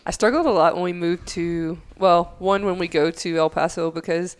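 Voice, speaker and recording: Frank woman with a lowish voice. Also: moderate pace, clean tone. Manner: frank, swears, laughs at her own mix-ups. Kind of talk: casual chat.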